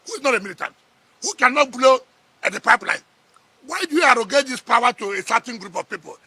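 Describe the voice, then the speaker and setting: A man's voice: extremely high pitch, bright, forceful tone, breathy edge, dry recording. A middle-aged man with a Nigerian accent, a politician sparring in a heated press interview, combative and scoffing, repeating his words.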